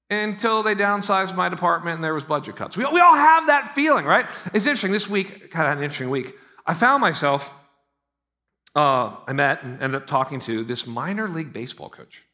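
A man preaching a sermon in an animated, conversational way, with frequent asides to the congregation. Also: sits high, brisk. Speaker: pastor.

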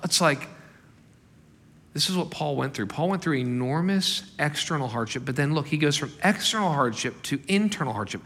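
A male pastor preaches with a bright, forceful voice pitched a little high. He talks in an animated, emphatic way and acts out the people he quotes. His voice rings through a hall with a long reverb. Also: moderate pace, slightly rough. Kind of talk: sermon.

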